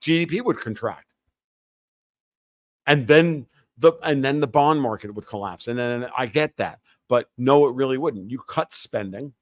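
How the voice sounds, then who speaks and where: A man's voice: mid-range voice, moderate pace, hardly any pauses, dry recording. A man talking as a podcast guest in a heated, opinionated rant, profane and sarcastic. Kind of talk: heated opinionated interview talk.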